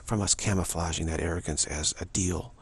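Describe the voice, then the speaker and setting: In a low, brisk, slightly rough voice with fairly even intonation, a man delivers a spiritual teaching monologue. He repeats himself a lot, restarts often, says "you know" frequently, and acts out little dialogues.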